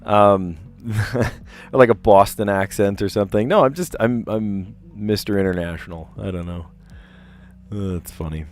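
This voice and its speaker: A man's voice: on the low side, normal speed. A man from South Jersey with a light South Jersey accent, casually chatting and rambling on a live stream, often cutting himself off mid-sentence. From South Jersey, USA. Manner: rambling, self-interrupting, chatty. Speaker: puzzle streamer host.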